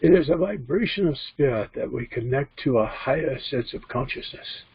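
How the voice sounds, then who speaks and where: A man voicing a calm male spirit guide that speaks through him, measured and solemn, on a dull, dry computer recording. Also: medium pitch, vocal fry, breathy edge, full character voice. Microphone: computer mic.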